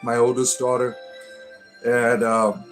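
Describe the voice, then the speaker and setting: An older man rambling through mock-spiritual replies to comments, halting and chuckling, with an irreverent deadpan manner. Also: medium pitch, soft background music. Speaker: comedic spiritual character responding to comments. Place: Ireland.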